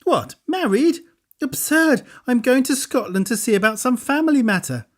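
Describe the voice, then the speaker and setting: A spirited young woman with a high, lifted, exclaiming voice, as a male audiobook reader puts her on. She sounds forthright and quick to protest, and her pitch leaps well above the reader's own. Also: animated. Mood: incredulous. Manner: raised, exclaiming falsetto delivery. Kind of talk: audiobook character voice.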